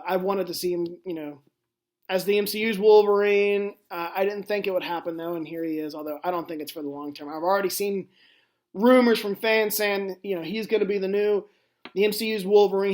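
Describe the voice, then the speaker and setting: A man's voice: high-pitched, fairly even intonation, a little fast, a little mellow. A man hosting a solo sports podcast, talking casually and rambling, with many fillers and restarts. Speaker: podcast host.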